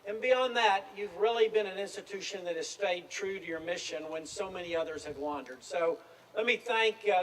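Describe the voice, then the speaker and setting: Man, about 60, relaxed self-deprecating commencement speaker; fairly high voice, recorded from afar outdoors. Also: slight background noise. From Tennessee, USA. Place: outdoor field at a graduation ceremony. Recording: distant speech with faint outdoor ambience.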